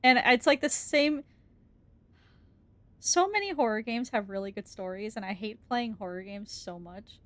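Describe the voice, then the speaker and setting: A woman's voice: mid-range voice, expressive, normal speed, no room sound. A woman streamer giving let's-play commentary on a horror game, jumpy and scared, swearing and laughing nervously.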